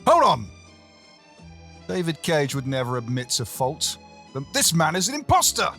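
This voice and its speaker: Male podcast co-host, indignant, exclaiming, slightly high, wildly swooping. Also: wildly swooping pitch, normal speed, fairly bright tone, faint music behind. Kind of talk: comedic role-play banter.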